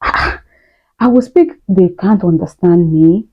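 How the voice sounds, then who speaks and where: A woman's voice: lowish voice, slow, slightly rough. A young woman from Nigeria with a Nigerian accent, talking candidly and chattily to camera with lots of fillers. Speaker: vlogger. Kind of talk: casual talk to camera. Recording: dull lo-fi sound.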